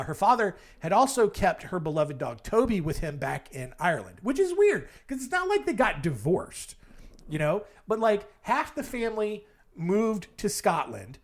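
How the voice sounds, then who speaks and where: A man's voice: a little high, sing-song, normal speed. A man hosting a storytelling podcast, telling ghost stories in a wry, digressive way, full of fillers and asides. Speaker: podcast host.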